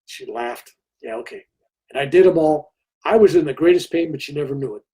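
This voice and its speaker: Brief: older male guest, husky and warm, a lively storyteller who slips into others' voices. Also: on the high side, a little fast. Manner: animated storyteller who acts out other people's lines. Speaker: interview guest. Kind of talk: storytelling in conversation.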